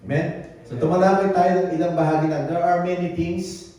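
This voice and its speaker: A man's voice: high-pitched, fairly even intonation, brisk, dark tone. A man preaching a sermon, repeating his points and slipping into phrases. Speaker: pastor. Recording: very echoey church hall, voice from a distance.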